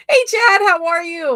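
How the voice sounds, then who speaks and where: A woman's voice: extremely high pitch, bright, forceful tone, no echo. A woman hosting a casual livestream as a tarot reader, chatting with viewers, greeting them by name and laughing often. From Florida.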